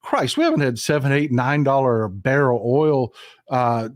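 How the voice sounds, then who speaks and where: A man's voice: medium pitch, big pitch swings, normal speed, no echo, clean studio sound. A man with a Southern American accent hosting a casual political live stream, talking in a folksy, emphatic way and answering his chat.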